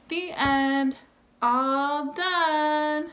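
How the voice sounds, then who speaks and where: Woman reading a baby book super slow, sing-song, lots of gasps and little sound effects, voice sits a bit high. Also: expressive, a bit bright. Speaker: early childhood educator. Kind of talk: reading a board book aloud to toddlers; explaining tips to parents.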